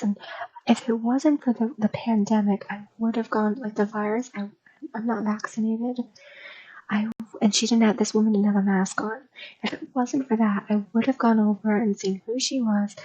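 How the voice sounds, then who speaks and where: A woman's voice: medium pitch, dark tone, husky, lo-fi sound. A woman streamer chatting in a casual, rambling, gossipy way and spilling a story, recorded on a desk microphone. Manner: rambling, gossipy, lots of fillers.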